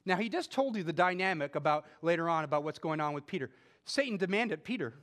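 A man preaching with a somewhat high, very lively voice that swings widely in pitch. He talks to the congregation like a conversation, asking them questions, then climbs to emphatic peaks to drive a point home. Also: quick pace. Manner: animated, rising to emphatic peaks when stressing a point. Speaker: pastor. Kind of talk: sermon.

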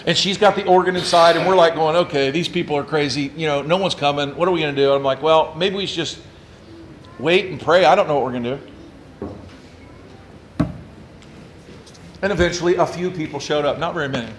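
A man who is a pastor telling a story in a lively, humorous way and acting out his own quotes. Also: a little high, brisk, pauses often, background noise. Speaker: Presbyterian pastor. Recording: echoey room with faint ambience.

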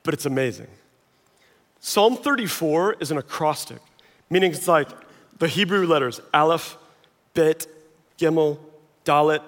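A middle-aged man preaches a sermon with a high-pitched voice, talking casually and animatedly, then sinking to quiet intensity. His voice trails off into the long reverb of a large hall. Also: unhurried, long pauses. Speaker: pastor.

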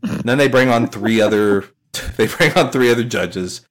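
A man's voice: medium pitch, normal speed. A man in casual podcast banter, telling a story with lots of swearing and voiced impressions of other people. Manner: animated storyteller, swears, mimics people with laughter.

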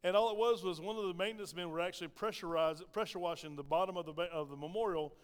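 Male pastor, folksy sermon delivery, smooth resonant tone, reverberant sanctuary. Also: sits high, fast. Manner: folksy, conversational preaching with asides. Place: church sanctuary. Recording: long hall reverb.

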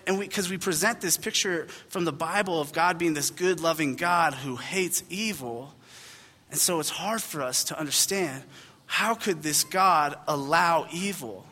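Young man, pastor, sermon, animated storyteller, high voice, long hall reverb. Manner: animated storytelling, self-deprecating asides. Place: large church hall.

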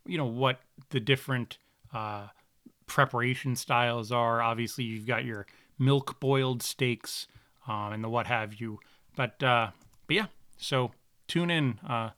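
Rambling, bright-voiced podcast host. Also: male voice, mid-range voice, dry recording, clean studio sound. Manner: rambling, self-correcting, jokey. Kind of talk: casual podcast ad read.

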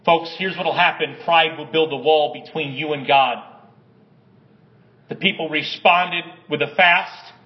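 High-voiced preaching man in an echoey church. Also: a little slow. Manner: impassioned, calls congregation to respond. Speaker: pastor. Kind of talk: sermon. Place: church sanctuary. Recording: echoey church, slightly dull sound.

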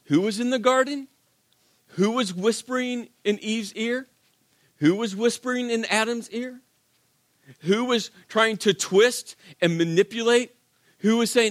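Male pastor, high voice, conversational emphatic sermon delivery, dry close sound. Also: animated, measured pace, pauses often, no room sound. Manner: conversational and emphatic, with rhetorical questions.

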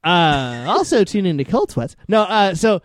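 A man's voice: sits high, sing-song, a little slow. A young man co-hosting a casual chat, rambling through a story and laughing often. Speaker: podcast co-host.

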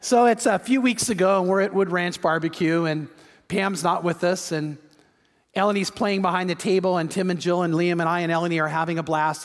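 A man's voice: high-pitched, fairly even intonation, fairly quick. An older man preaching as a pastor, telling family stories and then pressing his point in a sermon. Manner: warm anecdotal storytelling, then emphatic preaching. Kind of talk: sermon with storytelling. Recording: long reverb of a large hall.

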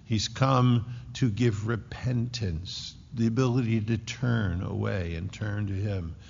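A man preaching a sermon as a pastor, reading scripture aloud and stressing words slowly and firmly. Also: fairly low pitch, fairly even intonation, gravelly, darkish tone, in a large hall, highs cut off, slight background noise.

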